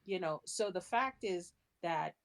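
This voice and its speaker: A woman co-hosting a casual podcast, emphatic and quick to agree and add details. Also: lowish voice. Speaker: podcast co-host. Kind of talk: casual rewatch podcast chat.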